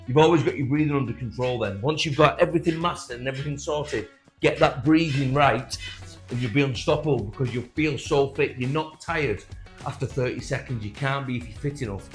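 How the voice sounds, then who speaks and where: Boxing coach giving direct tips. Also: male voice, mid-range voice, brisk, soft background music. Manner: direct, encouraging, demonstrates as he talks. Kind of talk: instructional coaching talk.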